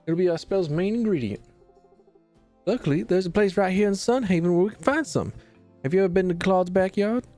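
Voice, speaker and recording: A man's voice: sits high, a little fast, darkish tone, soft background music, pitched above the performer's own voice, lightly acted. Man putting on an eager young witch girl. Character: earnest young female witch, determined. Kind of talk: reading game dialogue aloud.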